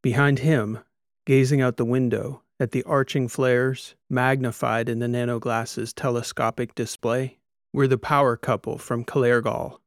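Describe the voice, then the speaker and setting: A man reading a science fiction story aloud. His delivery is steady and measured, with a gravelly texture. The sound is dry and close to the mic. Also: mid-range voice, dry recording. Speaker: audiobook narrator. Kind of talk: scripted narration.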